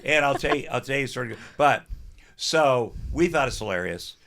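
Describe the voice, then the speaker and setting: Older guy on a podcast, gravelly, rambles through funny stories, swears a lot. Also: mid-range voice, expressive, moderate pace, fairly bright tone. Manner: rambling anecdotes, self-deprecating jokes, salty language. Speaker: podcast guest. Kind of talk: casual comedic storytelling.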